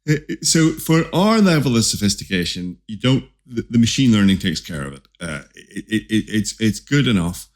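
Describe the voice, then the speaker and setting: Lower-voiced man, halting animated explainer. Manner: many restarts and repeated words, animated. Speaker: company founder, podcast guest. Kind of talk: casual interview talk.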